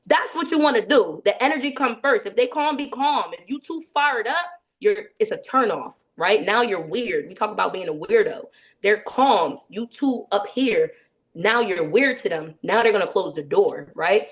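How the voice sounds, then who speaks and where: A woman leading a sales training session, coaching in a lively way and checking in with her listeners again and again. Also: medium pitch, normal speed.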